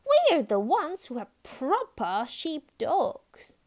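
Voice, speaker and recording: Gruff, blustering grown-up shearer men who shout and grumble, as a woman reading a storybook puts them on. The voice climbs high when they yell and stays slow and drawn out. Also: huge pitch swings, heavily acted. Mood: grumbling. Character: three gruff grown-up male sheep shearers.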